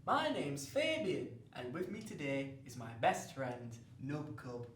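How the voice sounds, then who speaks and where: A man's voice: medium pitch, huge pitch swings, unhurried, fairly bright tone. A man hosting a comic children's story show, narrating in a cheery, exaggerated storybook way. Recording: roomy, distant mic with faint noise.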